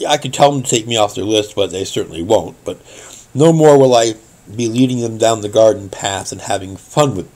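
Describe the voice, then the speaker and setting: A man's voice: medium pitch, a little mellow, slightly rough. A middle-aged man hosting a tech help show, telling a wry, indignant story and earnestly warning viewers. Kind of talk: ranting vlog monologue.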